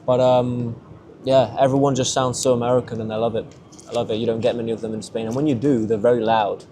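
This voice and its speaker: A man's voice: medium pitch, fairly even intonation, fast, mellow. A young British man of eighteen chatting casually in a travel vlog, rambling and swearing easily. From Britain. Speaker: travel vlogger. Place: outdoors on windy city streets.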